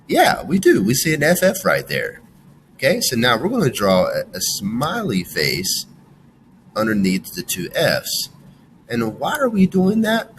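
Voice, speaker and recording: This man's voice is medium-pitched and a bit bright, captured on a low-quality recording with a little hiss or hum. Leading kids through phonics, he slowly sounds out letters individually, walks them word by word, and praises them.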